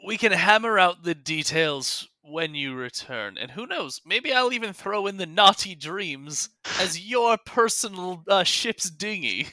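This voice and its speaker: Man playing a slick, coaxing merchant with a bright, raised voice, dry close sound. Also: sits high, expressive, a little slow, hardly any pauses, no room sound, pitched above the performer's own voice, full character voice. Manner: coaxing, salesman-like. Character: smooth-talking male merchant patron, persuasive.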